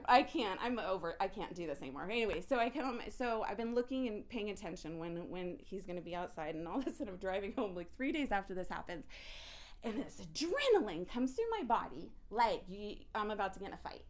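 Woman, intense personal storytelling, animated delivery, frequent restarts, mid-pitched voice. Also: fairly quick. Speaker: speaker telling a personal story.

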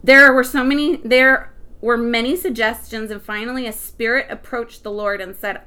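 High-pitched woman preaching on a bible story, gets worked up, keeps laughing and restarting. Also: normal speed. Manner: excitable, laughs often, restarts sentences. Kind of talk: animated Bible teaching.

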